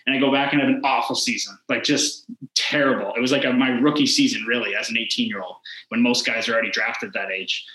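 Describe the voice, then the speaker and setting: A young man talks quickly in a bright, forceful voice. He tells his story casually, with plenty of "like" and acted-out dialogue. The room gives it a clear echo. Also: medium pitch, steady tone. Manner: rambling, heavy use of "like" and quoted dialogue. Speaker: former hockey player, podcast guest. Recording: echoey room.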